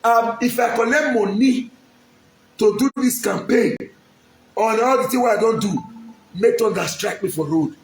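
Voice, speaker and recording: In a very high-pitched, unhurried voice, a Nigerian-accented man from Edo State, who is seeking local political office, delivers an emphatic, pleading appeal directly to the camera. He says his lines more than once, and the recording has a roomy sound.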